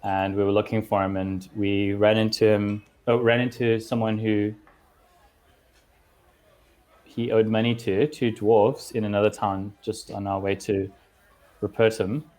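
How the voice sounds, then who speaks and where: A man playing a tabletop game, recapping in a rambling, relaxed way with fillers. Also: fairly low pitch, moderate pace. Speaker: player. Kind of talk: casual tabletop game chat.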